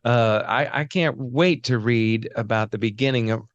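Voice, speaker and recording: A man's voice: mid-range voice, no room sound, highs cut off. A man hosting a podcast in casual conversation, reacting openly and calling himself emotional. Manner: emotional, quick to react and laugh. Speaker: podcast host. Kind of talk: casual chat.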